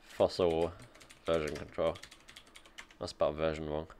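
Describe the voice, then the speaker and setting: A man's voice: a bass voice, little pitch movement, a little slow, a little mellow, slight background noise. A man reading an article aloud and reacting with offhand, dry remarks in a casual tech commentary.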